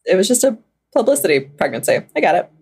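A woman co-hosting a podcast in easy, playful conversation. Her pitch swings widely and leaps up when something amuses her. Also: quick pace, breathy edge. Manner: animated and playful, voice jumps high when amused. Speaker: podcast co-host. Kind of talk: casual chat.

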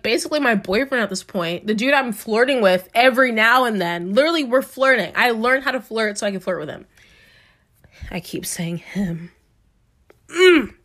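A young woman with a fairly high voice tells a storytime vlog straight to her viewers. She talks dramatically, cringing, exclaiming and laughing as she goes, and swears freely. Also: a bit bright. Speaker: vlogger telling a story.

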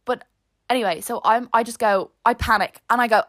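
A woman's voice: on the high side, steady tone, fairly quick, fairly bright tone, no room sound. A young Irish woman hosting a podcast, chatting casually and rambling through self-mocking stories. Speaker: podcast host. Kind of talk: casual chat.

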